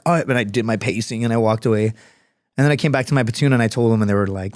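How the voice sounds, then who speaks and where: A man in his thirties tells stories in a loose, rambling way, full of swearing and sudden tangents. His voice sits at an ordinary middle pitch. The sound is close and dry, with no room behind it. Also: quick pace, dry recording. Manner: rambling, profane, jumps between stories. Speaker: podcast guest, former Marine scout sniper and comedian. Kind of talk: casual storytelling chat.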